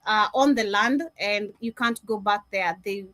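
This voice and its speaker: A woman co-hosting a casual livestream, reading viewer comments aloud with animated asides. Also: medium pitch, unhurried, no echo, poor audio. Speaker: livestream co-host reading chat.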